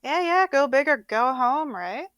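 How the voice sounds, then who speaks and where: A woman's voice: high-pitched, animated, unhurried, fairly bright tone, dry recording, voice pushed up. A woman voicing a brash, grimy female adventurer who teases and mocks in a tabletop game. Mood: skeptical. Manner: mocking, playfully skeptical. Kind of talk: tabletop role-play in character.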